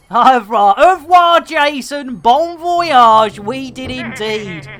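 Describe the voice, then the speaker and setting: Woman, 50s, game streamer; slightly high voice, unhurried, chatty, loud exclamations, swears. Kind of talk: live gameplay stream chatting with viewers.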